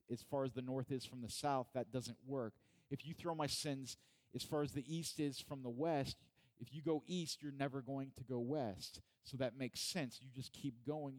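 Earnest male preacher teaching scripture, mid-range voice, repeats key points. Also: mid-range voice. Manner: earnest, repeats himself, asks questions of the listeners. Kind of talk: Bible study teaching.

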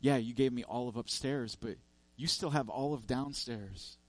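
A preacher speaking as a calm, gentle Jesus. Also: male voice, medium pitch, normal speed, dry recording, lightly acted. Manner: gentle, quiet, explaining.

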